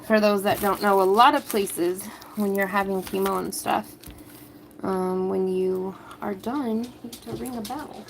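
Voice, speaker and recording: Crafty lady chatting to viewers slow and easy, kinda breathless, faint noise behind. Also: medium pitch, steady tone. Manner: chatty, rambling, with many ums. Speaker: crafting channel host. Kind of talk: casual live chat while crafting.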